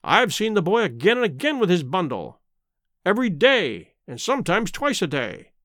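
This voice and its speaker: A man's voice: high-pitched, huge pitch swings, normal speed, a bit bright, dry recording, studio quality, exaggerated voice. A man playing a pompous spiteful old squire. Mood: excited. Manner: indignant, blustering, emphatic.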